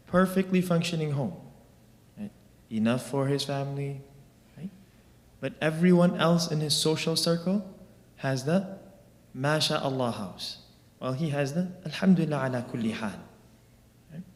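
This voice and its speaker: A man's voice: a little high, unhurried, long pauses. Man teaching in a reverberant hall. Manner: conversational, constantly checks in with "right?"; explains with everyday examples. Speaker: religious teacher. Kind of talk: religious class lecture. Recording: long reverb of a large hall.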